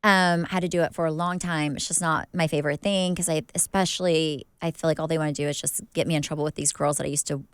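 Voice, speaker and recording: Woman podcast co-host, slightly low voice, smooth and clear, dry close sound, rambling chatty storytelling. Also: flat delivery, quick pace, hardly any pauses, no echo. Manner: rambling, filler-heavy, restarts with "like" and "um". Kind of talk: casual storytelling chat.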